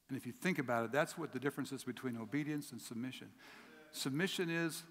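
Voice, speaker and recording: A man preaching a sermon as a guest pastor, telling stories with lively acted voices and swinging from emphatic peaks to quiet lows. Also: brisk. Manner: animated storytelling, acts out voices in his stories; rising to emphatic peaks then dropping low. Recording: long hall reverb.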